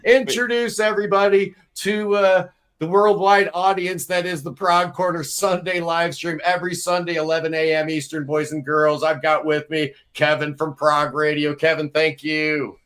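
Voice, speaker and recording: A man with a fairly high voice hosts a relaxed live-stream panel. He chats along in an upbeat way and teases his guests good-naturedly. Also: moderate pace, few pauses, clear, resonant tone. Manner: chatty, teasing, upbeat. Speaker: host.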